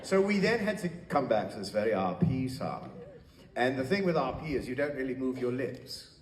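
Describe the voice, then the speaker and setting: A man from New Zealand telling stories as a panel guest at a convention, chatty and animated. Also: mid-range voice, normal speed, a little hiss or hum. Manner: chatty, animated storytelling with laughs. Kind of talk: casual anecdote. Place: large convention hall. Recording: echoey hall with faint ambience.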